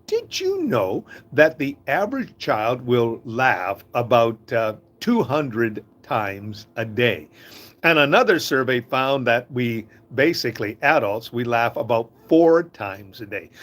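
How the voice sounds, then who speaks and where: An older man hosting a live talk in a casual, folksy, inspirational way, often chuckling at his own stories. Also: medium pitch.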